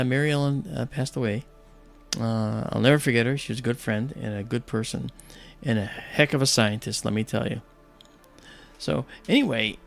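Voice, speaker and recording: A man's voice: medium pitch, gravelly. A man hosting a livestream, telling a story in a chatty, enthusiastic way with many fillers. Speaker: livestream host. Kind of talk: casual storytelling.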